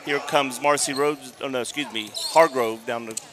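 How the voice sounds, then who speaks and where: A man doing color commentary for a local high school basketball game, questioning referee calls and getting excited over plays. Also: normal speed. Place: school gym. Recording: noisy gym broadcast.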